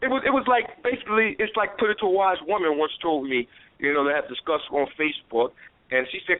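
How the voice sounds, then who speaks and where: A man's voice: sits high, quick pace. Rambling boastful man on a phone line. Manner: rambling, boastful, stammering restarts. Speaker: comedian guest. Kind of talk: casual phone-in interview. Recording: tinny phone line on radio.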